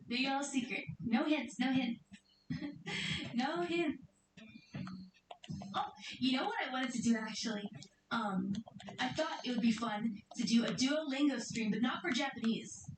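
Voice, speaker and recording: A chatty, giggly woman streamer rambles about her plans with a fairly high voice. She sounds set back from the mic in an echoey room, with clear noise behind her. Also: distant mic. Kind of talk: casual chat.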